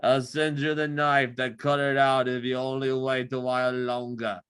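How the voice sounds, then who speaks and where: A drunk and deeply deranged Victorian killer drawls through a letter in a thick Cockney accent, as a man puts him on. The reading is slow and menacing, and the voice has a bright, forceful edge. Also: level tone, clean tone, lightly acted.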